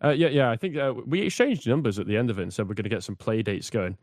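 A man's voice: medium pitch, a little mellow, no room sound. Stammering Englishman, dry close voice. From England. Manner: halting, stammering restarts, joking. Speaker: stream co-host. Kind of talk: casual chat on a livestream.

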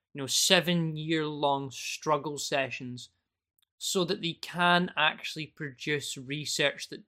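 Higher-voiced man, measured talk. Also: sharp tone. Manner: measured, building long sentences. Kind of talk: livestream discussion.

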